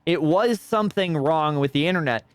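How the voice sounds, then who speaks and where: A man's voice: fairly high pitch, moderate pace, smooth, dry recording. A man streaming a detective game, rambling and sarcastic in casual commentary at a desk microphone.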